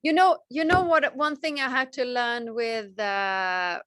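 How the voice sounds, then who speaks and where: Bright, slow-spoken woman teaching chant. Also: a little high, dry recording. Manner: gentle, encouraging, halting with many restarts. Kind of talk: teaching Sanskrit chant pronunciation.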